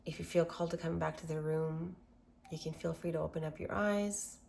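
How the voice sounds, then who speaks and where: Calm woman leading guided meditation. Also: sits low, a little fast, creaky, a little hiss or hum. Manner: calm, gentle and affirming. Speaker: self-love workshop host.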